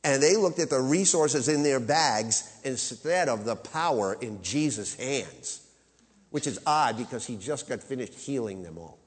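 A man preaching a sermon with emphasis, rising to loud high peaks and dropping to quiet low asides. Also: lively intonation, measured pace. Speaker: pastor. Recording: long reverb of a large hall.

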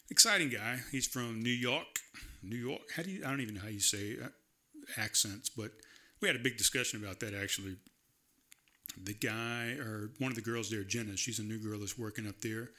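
A man's voice: fairly low pitch, sharp tone. A man from South Carolina hosting a solo podcast, chatting in a rambling, self-amused way at his desk mic. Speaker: podcast host. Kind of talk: casual solo podcast chat.

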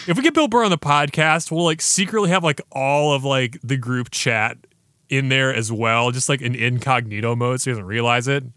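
Bright, eager male podcast host. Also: medium pitch, moderate pace, smooth, no echo, clean studio sound. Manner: enthusiastic, slangy banter. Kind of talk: casual beer review chat.

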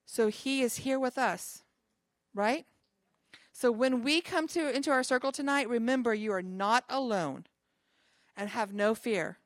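A woman's voice: on the high side, measured pace, no echo. Chatty woman pastor, dry close sound. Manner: conversational, reads and quotes scripture, chatty asides. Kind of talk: informal sermon to a small group.

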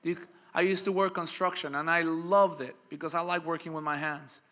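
A middle-aged man preaching a sermon, energetic and emphatic, acting out little quoted voices. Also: a little high, moderate pace.

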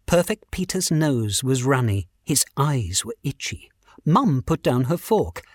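Deep-voiced woman reading a children's story. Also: measured pace, dry recording, studio quality. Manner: expressive, playful. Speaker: reader of a children's story excerpt.

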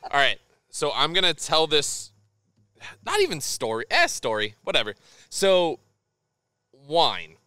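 A man guesting on a beer podcast, telling animated stories and swearing freely. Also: fairly high pitch, measured pace, long pauses, no echo. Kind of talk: casual chat over beers.

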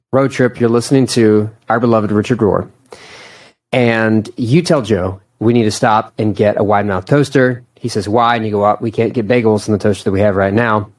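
A man's voice: on the low side, steady tone, moderate pace, a little mellow. A man in his thirties hosting a podcast, chatting casually with a guest and joking at his own expense. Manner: chatty and self-deprecating, laughs often. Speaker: podcast host. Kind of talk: casual conversation.

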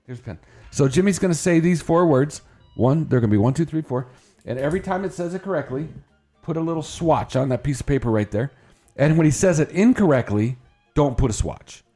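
A man's voice: fairly high pitch, expressive, a little fast, mellow, soft background music. A man hosting a morning radio show, talking in a rambling, playful way that keeps interrupting itself. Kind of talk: casual radio banter. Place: radio studio.

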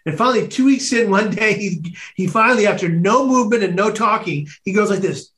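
Animated, high-voiced male storyteller. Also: a little fast, reverberant. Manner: animated storyteller, laughs often. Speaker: guest. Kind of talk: storytelling in casual chat.

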